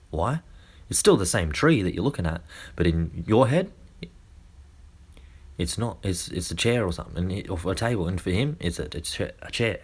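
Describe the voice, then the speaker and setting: A man who gives a lecture-style monologue with deliberate, drawn-out phrasing and frequent restarts. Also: deep voice, breathy edge. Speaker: speaker.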